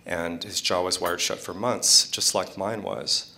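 A man's voice: low voice, fairly even intonation, measured pace, gravelly, bright, forceful tone. A man candidly telling a rambling personal story on stage at a live storytelling event, with many fillers and restarts.

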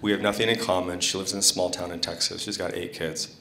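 A man's voice: sits low, level tone, quick pace, sharp tone. A man candidly telling a rambling personal story on stage at a live storytelling event, with many fillers and restarts.

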